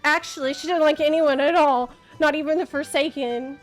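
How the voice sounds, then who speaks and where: A woman's voice: high voice, steady tone, moderate pace, faint music behind. A woman streamer ranting to her chat, impassioned, exasperated and sarcastic by turns. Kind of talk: live-stream rant to chat.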